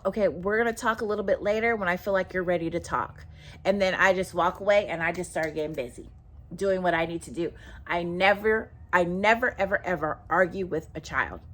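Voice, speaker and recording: A teacher with a mid-range, slightly bright voice gives other teachers casual classroom advice. She's emphatic, repeats her points, and addresses viewers directly.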